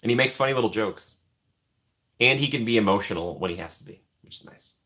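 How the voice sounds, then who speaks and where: A man hosting a live stream, rambling casually and joking as he thinks out loud while reading the chat. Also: on the low side, lively intonation, fast talker.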